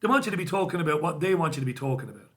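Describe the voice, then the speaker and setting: A man's voice: on the high side, lively intonation, racing. An Irish man hosting a live stream, chatting casually and wryly as he reads out viewer comments. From Ireland. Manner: casual, wry, self-deprecating banter. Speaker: host.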